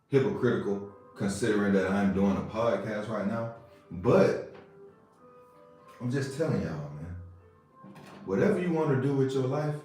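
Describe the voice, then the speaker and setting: On his podcast, a man with a warm voice on the low side delivers a casual, preachy motivational monologue, repeating phrases and asking "you see what I'm saying." The recording has a roomy echo with faint music underneath.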